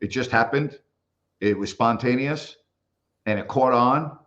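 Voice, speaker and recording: A muffled recording carries the medium-pitched voice of an older man, once a basketball broadcaster, as he tells stories at a measured pace in a casual interview. He animatedly acts out the voices of the people he quotes.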